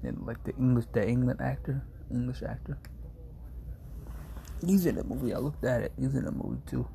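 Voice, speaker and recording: A man with a medium-pitched, creaky, warm voice talks briskly to his viewers as a streamer reading reviews, in casual chat. He rambles, gets easily distracted, and fills his talk with slang and amused asides. There's slight background noise.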